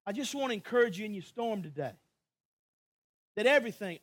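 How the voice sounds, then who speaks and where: A pastor preaching a sermon with passion, moving from hushed tones to near shouts and repeating phrases rhythmically. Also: male voice, sits high, animated, fast, long pauses, no echo. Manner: repetitive, rhythmic emphasis.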